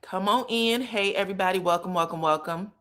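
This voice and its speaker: A woman's voice: medium pitch, a little fast. Chatty woman hosting gossip commentary. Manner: chatty, animated, addresses viewers as y'all. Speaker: commentary host. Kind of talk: casual pop-culture commentary.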